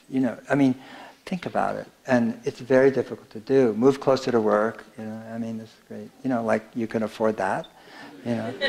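An older man presents his book in a town hall auditorium, giving a conversational, wry lecture with slides and often laughing at his own jokes. His mid-range voice is gravelly and a little mellow.

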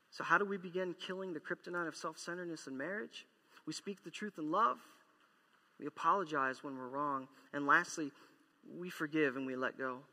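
A man's voice: a little high, bright, forceful tone. A male pastor preaching a sermon, emphatic, repeating key lines and acting out quoted apologies. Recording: long church hall reverb.

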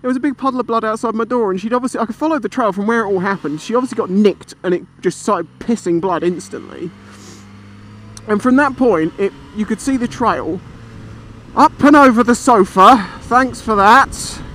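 A British man with a fairly high voice tells a story in a chatty, animated way. He swears freely and rambles as he talks. Faint engine and traffic noise sits behind his voice while he rides. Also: fairly quick. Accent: British English. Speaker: motorcycle vlogger. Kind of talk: casual storytelling while riding. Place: on a motorbike outdoors.

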